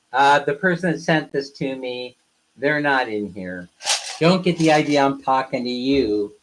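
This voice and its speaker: A man's voice: on the high side, animated, normal speed, rough recording. A man talking casually on a live stream, bluntly ranting at his viewers and then teasing them playfully. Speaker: live streamer, co-host of a couple's channel.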